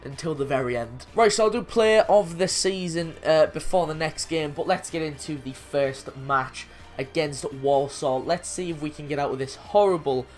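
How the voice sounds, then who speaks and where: A young man in his twenties giving excitable, sweary commentary over his own football video game match. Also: fairly high pitch, moderate pace, soft background music. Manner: excitable, sweary, frequent frustrated outbursts. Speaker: gaming YouTuber. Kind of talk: gameplay commentary.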